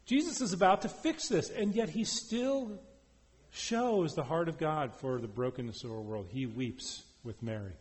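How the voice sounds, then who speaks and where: A man preaching a sermon, moving between forceful emphasis and soft, hushed passages. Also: on the high side, expressive, moderate pace. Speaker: preacher and professor. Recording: long hall reverb.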